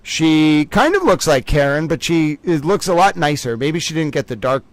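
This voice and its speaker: A man's voice: fairly high pitch, big pitch swings, normal speed, no room sound, poor audio. Playful man hosting a livestream. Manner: playful, rambling, mock-grand asides. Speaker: livestream host. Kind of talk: casual commentary livestream.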